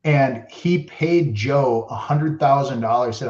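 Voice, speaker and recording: A man tells his stories in a loose, rambling way, leaning on "like" again and again. His voice sits at an ordinary middle pitch. The recording sounds roomy and slightly dull. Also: slow, hardly any pauses, a little mellow. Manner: rambling, heavy use of "like". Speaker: podcast guest, former hockey player. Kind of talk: casual storytelling. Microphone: podcast mic. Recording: roomy, dull lo-fi podcast audio.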